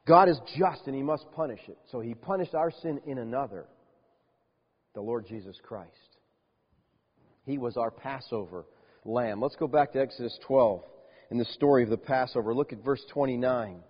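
Husky preaching man in a reverberant church. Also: mid-range voice. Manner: emphatic preaching, slowing and dropping soft on key words. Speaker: pastor. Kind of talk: sermon. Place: church sanctuary. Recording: dull lo-fi church recording with long reverb.

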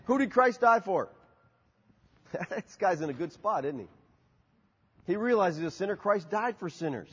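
A man's voice: normal speed, long pauses, breathy edge. A man preaching a sermon as pastor, rising and falling sharply and putting questions to the congregation. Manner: animated preaching with sharp rises and drops in pitch. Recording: muffled hall recording with long reverb.

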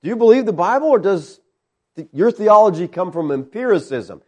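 A man's voice: high-pitched, sing-song, a little fast. A man preaching a sermon, emphatic, often putting questions to his listeners.

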